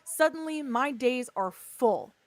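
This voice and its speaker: A woman co-hosting a casual discussion show, playful and teasing, quick to laugh. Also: high-pitched, expressive, dry recording. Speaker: podcast co-host.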